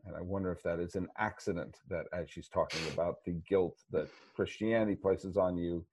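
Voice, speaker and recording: A man with a fairly low voice hosts a podcast, walking through a film scene by scene. He talks loosely and keeps restarting sentences, animated at times. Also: fairly quick, breathy edge. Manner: rambling, restarts often, animated. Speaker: podcast host. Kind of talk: casual movie chat.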